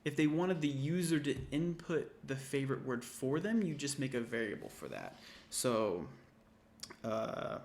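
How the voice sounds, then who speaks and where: Typing and keyboard clicks sit behind a man, plus a little hiss or hum, as he tutors an intro programming class through a screen-recorded coding walkthrough, thinking aloud and self-correcting casually. His medium-pitched, darkish voice is unhurried, with vocal fry and big pitch swings.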